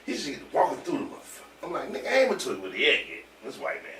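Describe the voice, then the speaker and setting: A man telling a rowdy story in casual chat, animated, laughing and swearing as he goes. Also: mid-range voice, racing, a little hiss or hum. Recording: roomy echo from far off with faint ambience.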